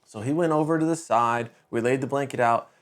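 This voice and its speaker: Middle-aged male host, mid-pitched, relaxed storyteller who stresses key beats. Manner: conversational, with quick restarts and lively emphasis. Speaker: podcast host. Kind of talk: casual storytelling monologue.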